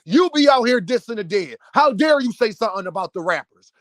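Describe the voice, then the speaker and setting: A commentary host with a high voice and big pitch swings delivers an impassioned rant at a fairly quick clip. He fires off repeated rhetorical questions in a preachy, heated way, and the recording is dry.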